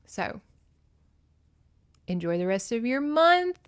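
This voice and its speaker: A woman hosting a podcast, recapping a book on her phone in an animated, emotional way, swinging between loud and hushed and cursing freely. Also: on the high side, slow pace. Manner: laughs and curses freely. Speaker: podcast host. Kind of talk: casual book recap monologue.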